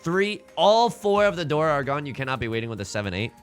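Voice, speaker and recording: A man's voice: on the high side, very animated, quick pace, clean tone, faint music behind. A man hosting a let's play, commentating his game in a playful, joking way and talking to himself with repeated phrases. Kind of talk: gameplay commentary.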